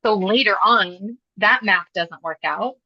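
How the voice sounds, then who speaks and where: A woman's voice: mid-range voice, a little slow, no room sound, lo-fi sound. A woman hosting a parenting podcast, speaking in an emphatic, direct way as she explains her point. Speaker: podcast host and parenting coach. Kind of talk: podcast teaching talk.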